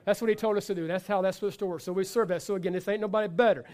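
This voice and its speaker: Male pastor, high-pitched, conversational sermon delivery with restarts and asides. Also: steady tone, racing, darkish tone. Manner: conversational preaching with repetitions and asides.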